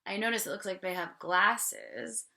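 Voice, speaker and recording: A teacher reading a picture book to young children, slowly and with pauses to ask questions. Her voice is bright and clear, and each word is spelled out patiently. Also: mid-range voice. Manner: slow, questioning, explaining. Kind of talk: read-aloud for young children.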